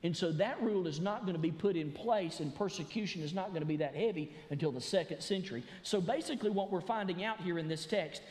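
Animated preaching man in echoey church. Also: high voice, quick pace, few pauses. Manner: animated preaching, rising to shouts for emphasis. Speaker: pastor. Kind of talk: sermon. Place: church sanctuary.

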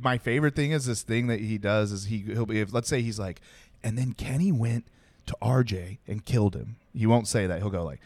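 A man's voice: fairly low pitch, a little fast, darkish tone. A man hosting a podcast, a comedian chatting casually in a rambling, profane way full of fillers. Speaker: podcast host. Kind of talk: casual chat.

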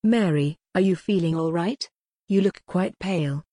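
A woman voicing a calm young man who speaks in a soothing, reassuring way in an audiobook. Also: on the low side, moderate pace, no echo, studio quality, natural voice.

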